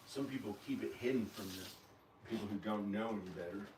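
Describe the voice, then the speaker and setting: A man with a somewhat low voice talks in a rambling, agitated way, stopping often with fillers. He is recorded at home in an echoey kitchen, away from the mic, with faint noise behind him. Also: brisk. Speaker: video maker. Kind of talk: rambling monologue. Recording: echoey room, camera far from the mouth.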